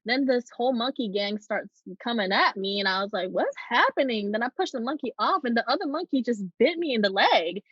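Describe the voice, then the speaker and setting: High-voiced woman telling a lively story. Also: fairly quick, few pauses, husky, dry recording, dull audio. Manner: animated, laughs often, acts out quotes. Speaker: podcast guest, traveler. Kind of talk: casual storytelling.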